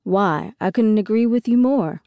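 A playful storybook dad putting on lofty, mock-posh airs, grand in every word, as a woman narrator acts him out. The voice is mellow and recorded dry. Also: mid-range voice, unhurried, no room sound, close to an everyday voice.

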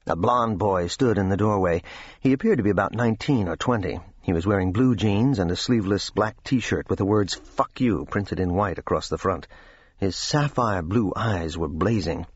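A man reading a nonfiction book aloud as its narrator, in a measured, even manner. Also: deep voice, breathy edge, no room sound, dull audio. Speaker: audiobook narrator. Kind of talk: scripted narration. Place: recording studio.

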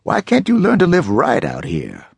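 A cruel, controlling homeless man sneers and threatens in a low, gravelly voice. A male audiobook narrator plays him in a husky tone, recorded dry and close. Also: huge pitch swings, moderate pace, no room sound, full character voice. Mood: threatening.

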